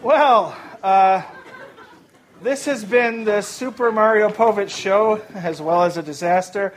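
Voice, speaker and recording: A performer voicing Mario as a flustered talk show host with a fake Italian accent, stammering as he tries to calm things down. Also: medium pitch, slow, some chatter behind, a little hiss or hum, close to an everyday voice. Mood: announcing.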